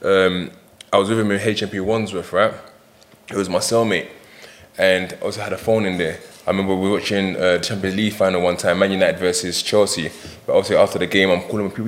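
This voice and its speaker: Guy spinning stories fast on a podcast, lowish voice, does the other guys' lines. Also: fairly even intonation. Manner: fast storytelling, acts out quoted voices, laughs while telling. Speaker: podcast guest. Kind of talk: casual chat.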